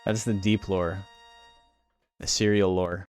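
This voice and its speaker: A man's voice: deep voice, flat delivery, slow, darkish tone, faint music behind. A man hosting a game tournament stream, talking casually in a rambling, crude way with lots of fillers. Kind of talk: casual livestream commentary.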